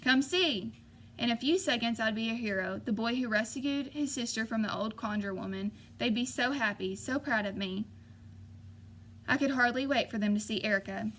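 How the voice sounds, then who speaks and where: A woman's voice: on the high side, moderate pace, a bit bright, slight background noise. A woman narrating a novel in the first person, voicing the characters lightly. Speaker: audiobook reader.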